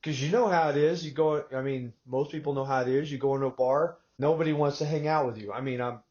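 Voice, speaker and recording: A man from Texas hosting a podcast, telling stories in a rambling, animated way with many asides. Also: mid-range voice, fast talker, muffled recording. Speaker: podcast host. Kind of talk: casual conversational podcast talk.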